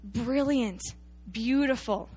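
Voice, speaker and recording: A woman preacher delivering a sermon to her church, retelling scripture with emphatic storytelling that drops at times to quiet intensity. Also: fairly high pitch, takes it slowly, breathy edge, soft background music.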